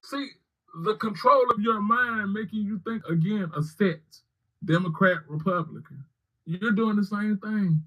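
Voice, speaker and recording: A man's voice: sits high, lo-fi sound. A man giving heated political commentary on a livestream, arguing with viewers by name and repeating his points. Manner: argumentative, repeating phrases, addressing commenters by name.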